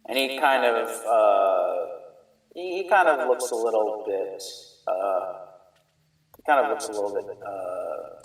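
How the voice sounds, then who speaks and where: A man's voice: fairly low pitch, slow. Game master man, casual and roomy. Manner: casual narration with many fillers. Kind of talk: narrating a tabletop game. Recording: roomy sound, distant mic, faint music.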